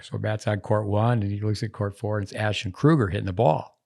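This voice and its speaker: A man with a low, gravelly voice talks casually on a podcast as host. He rambles from story to story in an easygoing, digressive way. His tone stays conversational rather than polished. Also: steady tone, fairly quick, few pauses, darkish tone.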